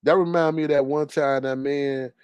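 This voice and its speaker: This man, a caller on a live talk stream, rants loudly and indignantly with a drawl, shifting between outbursts and mutters in an animated, casual way. His voice is fairly high, clear and resonant, with fairly even intonation at a moderate pace. It is recorded dry and close.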